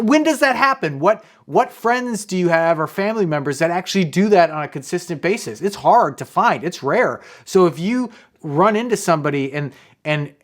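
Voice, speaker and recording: A man hosting a casual explainer monologue, talking loosely, wandering into side stories and swearing offhand. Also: a little high. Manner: rambling, conversational, off-hand swearing. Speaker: host, comedian.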